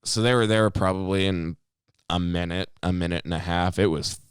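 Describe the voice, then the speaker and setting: Chatting casually on a podcast he co-hosts, a man spins a lively story full of swearing, performing other people's lines. His voice sits low at a normal speed with a clean tone, and the studio sound is dry and clean.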